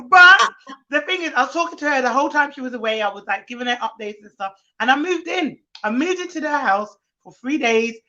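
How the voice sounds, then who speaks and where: A nanny co-hosting a casual chat tells animated stories, acting out children's voices in a high-pitched voice that runs a little fast. The stream audio is muffled and lo-fi.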